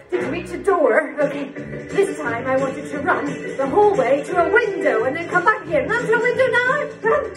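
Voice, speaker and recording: A woman's voice: high voice, expressive, normal speed. A woman leading an interactive dance and exercise session for children at home, with a bubbly, encouraging, sing-song manner. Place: room at home. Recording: roomy echo, off-mic, music behind.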